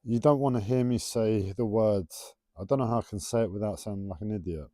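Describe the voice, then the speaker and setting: A man's voice: fairly low pitch, brisk, dark tone, no room sound, studio quality. A man hosting a rambling solo livestream from home, waffling off on tangents and having trouble pronouncing his T's. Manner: wanders off on tangents, self-described waffling. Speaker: livestream host.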